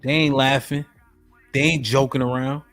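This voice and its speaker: A man's voice: mid-range voice, level tone, normal speed, fairly bright tone, soft background music. A man hosting a live stream, talking casually and greeting chat viewers by name while he breaks down a video. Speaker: streamer host reacting to a video.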